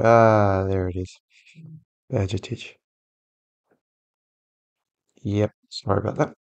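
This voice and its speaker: Gravelly man commentating a football game. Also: on the low side. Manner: excitable, shouts at players on screen. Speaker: gaming channel host. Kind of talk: casual gameplay commentary.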